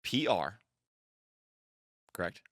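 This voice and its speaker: A man's voice: low voice, big pitch swings, extremely slow, a bit bright, no room sound, clean studio sound. A man co-hosting a casual podcast, trading brash jokes and boasts with his friends. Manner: brash, joking trash talk. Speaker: podcast co-host.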